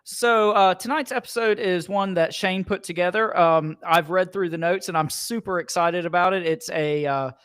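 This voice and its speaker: High-voiced wry man co-hosting. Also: normal speed, few pauses, a bit bright, smooth. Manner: dry, wry quips. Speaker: podcast co-host. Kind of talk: casual comedic chat.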